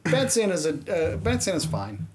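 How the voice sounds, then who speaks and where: A man's voice: on the high side, wildly swooping pitch, moderate pace, slightly rough. A man co-hosting a comedy podcast from a studio, telling crude stories in casual chat. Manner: crude storytelling with acted quotes. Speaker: podcast co-host.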